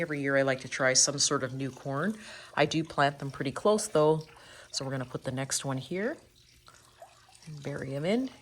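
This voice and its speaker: A woman's voice: extremely low pitch, a little hiss or hum. A woman talking casually while she works in a greenhouse, explaining each step of her gardening in a friendly, chatty way. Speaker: gardening vlogger. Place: inside a greenhouse.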